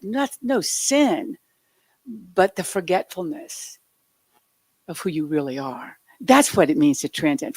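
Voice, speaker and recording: A woman speaker giving a meditative sermon, soft and reflective, with light joking asides. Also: lowish voice, no echo. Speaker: spiritual speaker.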